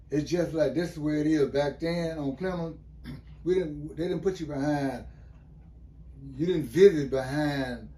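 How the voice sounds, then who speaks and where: This is an older man's warm voice, pitched on the high side. He is an interview guest and ex-prisoner, telling loose, wandering stories about his time inside and often asking "you know what I mean" in a casual storytelling interview.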